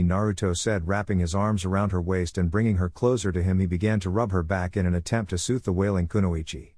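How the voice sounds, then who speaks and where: A man reads a scripted fan-fiction story in a steady, even way. His voice sits low and is recorded close and dry, with no room sound. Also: fairly quick, hardly any pauses, no room sound. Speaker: narrator.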